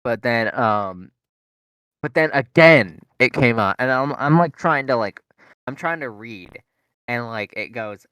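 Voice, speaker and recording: A man's voice: medium pitch, lively intonation, measured pace, sharp tone, clean tone, no echo. A young man, a podcast co-host, telling a rambling story in casual chat, full of fillers and swearing. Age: young adult.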